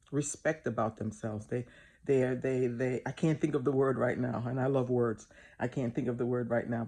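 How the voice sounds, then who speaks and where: An older woman with a Jamaican accent speaking tearfully and earnestly in a vlog, repeating phrases for emphasis. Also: medium pitch. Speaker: vlogger. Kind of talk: emotional direct-to-camera vlog talk.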